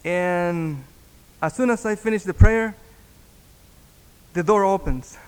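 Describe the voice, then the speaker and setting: A man, a pastor, telling a story in a sermon, halting and repeating words as he acts out the dialogue. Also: high voice, clean tone. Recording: long reverb in a hall.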